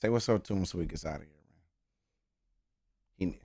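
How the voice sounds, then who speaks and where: A man's voice: low-pitched, a little fast, mellow, slightly rough, no room sound, clean studio sound. A man chatting casually and playfully on a live stream while reacting to a video, often laughing.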